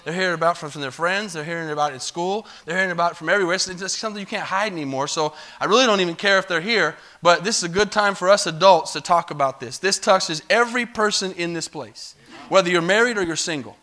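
Preaching fast in a high, bright, forceful voice, a pastor addresses his church sanctuary. The sermon unfolds as a loosely told, conversational story with calls for amens.

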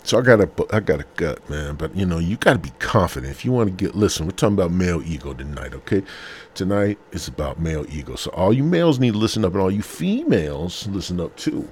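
A man's voice: low voice, big pitch swings, fast talker. A man hosting a solo podcast, rambling in a crude, profane, self-deprecating way with a faint hum behind him. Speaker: podcast host. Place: home room with a humming heater.

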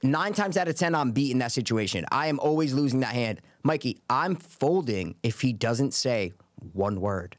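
A man on a podcast telling a poker story in an animated, casual way, swearing freely. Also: medium pitch, normal speed, hardly any pauses, dry recording, clean studio sound.

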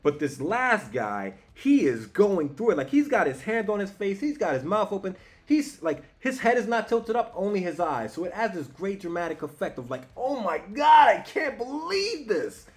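A man reviewing a comic book in a casual, enthusiastic and animated way. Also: sits high, normal speed, few pauses. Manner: animated and enthusiastic, with frequent restarts. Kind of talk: casual commentary.

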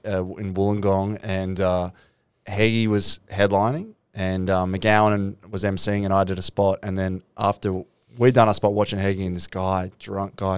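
A man's voice: deep voice, clean tone, no echo. A man in a casual podcast chat, telling a gig story and acting out quotes. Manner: chatty, asks questions, acts out quotes.

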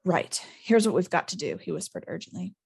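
A woman's voice: fairly low pitch, wildly swooping pitch, a little fast, darkish tone, breathy edge, exaggerated voice. A woman reading as a determined eleven-year-old boy, urgent and earnest.

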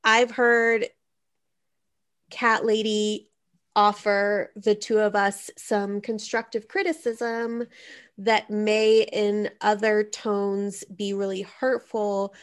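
A woman co-hosting a laid-back comedy advice podcast, talking in an unhurried, drawn-out way. She chats loosely, with plenty of "like" and casual swearing. Her pitch sits in a middling range for a woman. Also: flat delivery, clean tone. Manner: chatty, swears casually, uses lots of "like". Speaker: podcast co-host.

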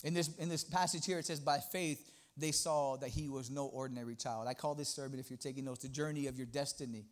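A man preaching a sermon in a church, impassioned and swinging between loud and quiet. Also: mid-range voice, fairly even intonation, quick pace. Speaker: guest preacher.

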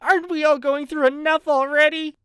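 A man voicing a shrill, high-strung older woman who screeches in panic. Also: steady tone, normal speed, bright, forceful tone, no room sound, clean studio sound.

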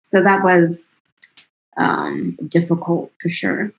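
Taking her time, a thirties-aged interview guest with a somewhat low voice tells something personal, laughing often and letting sentences drift off before picking them back up. The sound is muffled and lo-fi, and the mood relaxed and chatty.

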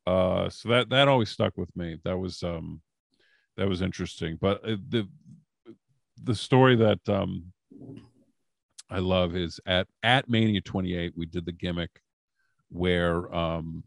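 A man's voice: low voice, measured pace, creaky, long pauses, no room sound. A man guest on a podcast telling casual stories in a rambling way, with many fillers and restarts. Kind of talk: casual storytelling.

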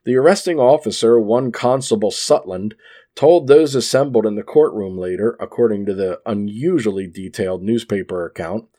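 A man's voice: lowish voice, moderate pace, dark tone. A man casually reading an article aloud at his microphone. He keeps breaking off into rambling asides and uses plenty of "uh"s and restarts. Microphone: desk microphone.

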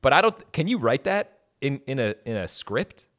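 A man's voice: medium pitch, very animated, normal speed, a bit bright. A young man co-hosting a podcast, telling anecdotes casually, swearing freely and laughing at himself. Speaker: podcast co-host.

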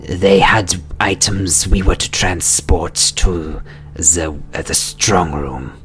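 A man voicing a slow, wary male lizardfolk guard who hisses and speaks in a low, whispery drawl. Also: a bit bright, faint music behind. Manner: slow hissing, whispery menace. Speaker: game master voicing a guard.

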